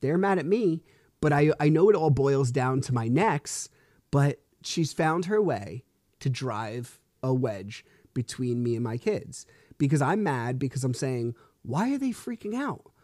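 A man's voice: mid-range voice, expressive, a little slow, a little mellow, no echo, clean studio sound. A man in his thirties hosting a solo podcast, telling a story in a frustrated, rambling way with swearing and restarts. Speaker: podcast host.

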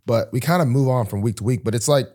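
A young man co-hosting a podcast in easy, casual chat. He rambles and restarts his sentences, with plenty of fillers. His voice sits in an ordinary middle pitch. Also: fast talker, dark tone. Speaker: podcast co-host, pro football player.

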